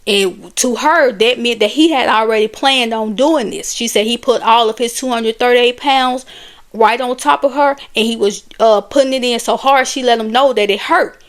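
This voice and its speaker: A woman's voice: a little high, moderate pace. Chatty woman recapping a story. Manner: conversational, animated, chatty asides. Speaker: book and movie reviewer.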